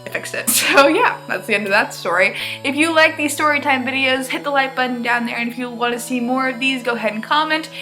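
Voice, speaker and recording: A woman's voice: sits high, bright, forceful tone, soft background music. A seventeen-year-old girl telling a storytime vlog, rambling, laughing and swearing freely. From Arizona, US. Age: teens. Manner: profane, laughing, fast rambling. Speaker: vlogger.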